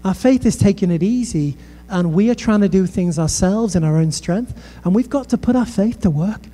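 A man's voice: sits high, animated, moderate pace, warm tone. A male pastor from the United Kingdom preaching a passionate sermon with conversational asides in a church hall. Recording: echoey hall.

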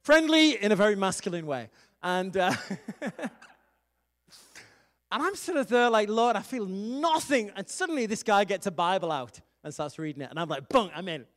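A man's voice: sits high, big pitch swings, normal speed, long pauses, a bit bright. A middle-aged man, an evangelist and pastor, preaching a sermon and telling a personal story in a conversational way, laughing now and then.

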